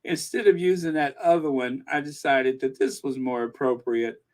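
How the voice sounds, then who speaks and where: A man's voice: mid-range voice, normal speed. A man hosting a royal news channel, reading viewer comments in a rambling, self-amused casual chat.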